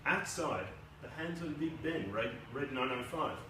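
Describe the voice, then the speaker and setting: A man's voice: fairly high pitch, lively intonation, a little slow, noisy background. A man, a debut novelist, giving a casual, self-deprecating speech and reading from his book at a launch. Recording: echoey room from a distance.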